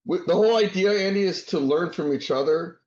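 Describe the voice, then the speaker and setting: A man's voice: high-pitched, fairly quick, darkish tone. A man hosting a roundtable on a video call, talking informally and joking with guests. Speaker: roundtable host. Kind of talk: casual video call discussion. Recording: roomy, muffled call audio.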